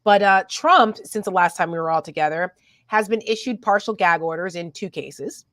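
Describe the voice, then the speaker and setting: A woman's voice: fairly low pitch, normal speed, fairly bright tone, no echo, studio quality. A woman co-hosting a casual political chat, chatty, with many fillers and laughs. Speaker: co-host.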